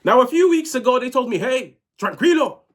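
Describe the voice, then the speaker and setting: A man hosting a football match reaction video, telling it in a dramatic, animated way while he is sick. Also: very high voice, fast talker. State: sick, unwell. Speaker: football channel host.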